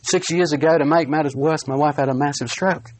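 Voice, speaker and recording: A man preaches a sermon, earnestly telling a personal story and slowing down on key phrases. His voice is a little high.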